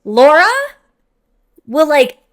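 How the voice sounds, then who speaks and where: A woman's voice: high voice, slow. Rambling young woman, chatty podcast guest. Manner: animated, rambling, fills with "like". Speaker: podcast guest, host's best friend. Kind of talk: casual chat. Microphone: podcast mic.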